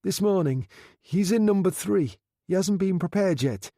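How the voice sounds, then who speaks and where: A man's voice: mid-range voice, moderate pace, mellow, no room sound, studio quality, voice pushed up, close to an everyday voice. A man voicing a nervous, frightened undertaker who speaks anxiously and stammers, in an audiobook reading.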